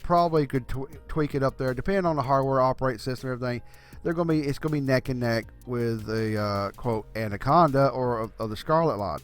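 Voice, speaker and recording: An older man hosting his own gaming channel, ranting bluntly and profanely about consoles, tired and yawning late at night. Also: mid-range voice. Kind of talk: casual opinion rant.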